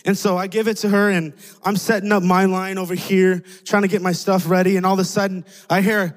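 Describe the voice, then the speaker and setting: A man preaching a sermon in a conversational, animated way, telling a personal story and acting out the voices in it. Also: high voice, a little fast, big-room sound.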